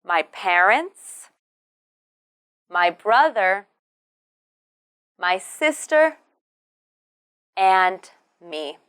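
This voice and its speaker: A woman teaching English pronunciation, speaking slowly and modelling each word with careful stress. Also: medium pitch, very animated, a bit bright, clean tone. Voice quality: careful, drawn-out modelling of words. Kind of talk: slow, clearly enunciated pronunciation lesson.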